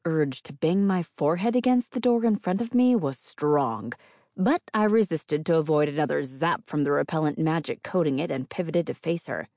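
A woman narrates first-person fiction as an audiobook reader, in a low voice with a lively, wandering pitch. Her delivery is wry and dry. The recording is close and dry, with no room sound. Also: normal speed, dry recording.

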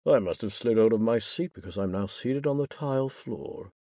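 A man's voice: on the low side, expressive, moderate pace, few pauses, warm tone, no room sound, clean studio sound. A young man narrating a first-person novel in a wry, bitter way. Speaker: audiobook narrator.

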